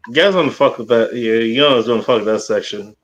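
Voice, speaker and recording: A man's voice: medium pitch, fast talker, a bit bright, lo-fi sound, a little hiss or hum. A man hosting a casual livestream chat, rambling and swearing freely, with hiccups. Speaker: podcast host.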